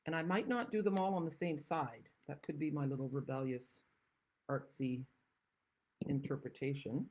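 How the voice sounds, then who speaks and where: A woman's voice: sits low, fairly even intonation, normal speed, darkish tone, poor audio. A woman from the Netherlands hosting a card-making tutorial, chatting with rambling, self-deprecating asides. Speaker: craft demonstrator and channel host.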